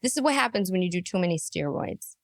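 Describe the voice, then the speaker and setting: A woman's voice: fairly low pitch, animated, quick pace, gravelly, dry recording. A woman giving amused, mocking reaction commentary, often laughing at what she watches.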